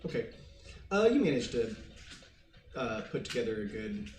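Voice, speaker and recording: A man's voice: medium pitch, big pitch swings, normal speed. A man acting as game master of a tabletop game, laid-back and hesitant, with many fillers. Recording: roomy distant mic, faint noise.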